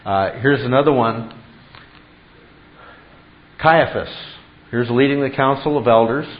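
A man's voice: mid-range voice, unhurried, highs cut off. A man teaching a Bible class in a classroom, emphatic and full of rhetorical questions to his students.

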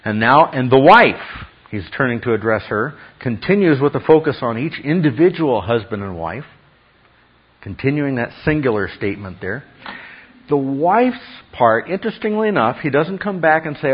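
Husky-voiced man preaching emphatically. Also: medium pitch, expressive, normal speed, lo-fi sound. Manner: emphatic, with acted quotes and frequent "okay?". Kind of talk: sermon.

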